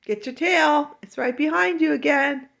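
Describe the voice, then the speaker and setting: A woman's voice: high-pitched, normal speed, creaky, fairly bright tone, highs cut off. A woman chatting to her dog in doting, sing-song baby talk, recorded at home. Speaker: dog owner. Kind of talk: casual talk to her pet.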